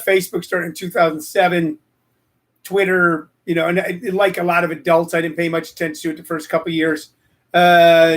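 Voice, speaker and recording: A man's voice: high-pitched, fairly bright tone. A man hosting a live-streamed comedy talk show, playful and showy, rambling with lots of fillers. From Missouri, US. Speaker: host.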